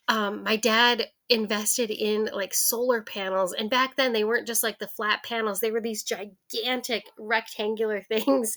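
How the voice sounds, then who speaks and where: A woman in her forties telling her personal money story to camera in a candid, lively way, acting out the voices of her family. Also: mid-range voice. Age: 40s. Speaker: vlogger.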